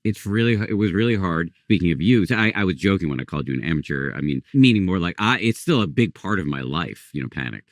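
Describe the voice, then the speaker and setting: A man's voice: sits low, sing-song, quick pace, few pauses, no echo, clean studio sound. A middle-aged man hosting a podcast interview, wry and self-deprecating. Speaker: podcast host. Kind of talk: conversational interview.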